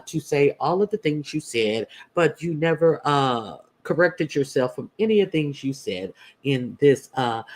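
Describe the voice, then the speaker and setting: A man hosting casual opinion commentary, blunt and profane, halting often with "uh" fillers as he talks. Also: mid-range voice. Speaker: YouTube commentator host.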